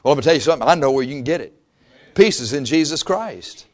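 A male pastor delivering a sermon in a loose, conversational way. His voice sits a little high for a man. He often restarts his sentences and slips into the voices of the people he quotes. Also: lively intonation, quick pace. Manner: conversational preaching with frequent restarts and acted-out quotes.

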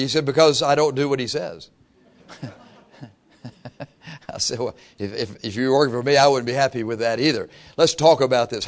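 Male preacher with a slightly high voice, easy storytelling sermon in a church. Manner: conversational preaching, acts out dialogue in quotes. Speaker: pastor. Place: church sanctuary.

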